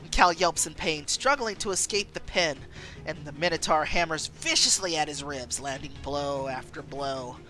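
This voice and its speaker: A woman streamer reading a story game aloud, expressive and quick to laugh. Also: deep voice, faint music behind. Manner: expressive, laughs between lines.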